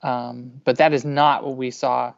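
A man's voice: mid-range voice, flat delivery, unhurried, creaky, no echo. A man with a Boston accent co-hosting a casual sports podcast, chatty and hesitant. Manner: hesitant, chatty, laughs easily. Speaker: podcast co-host. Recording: dry dull lo-fi audio.

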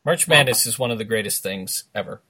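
A man's voice: fairly low pitch, expressive, a little fast, pushed and bright, breathy edge. A man with a Boston accent hosting a casual sports podcast, joking through the sign-off. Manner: jokey, upbeat sign-off banter. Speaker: podcast host.

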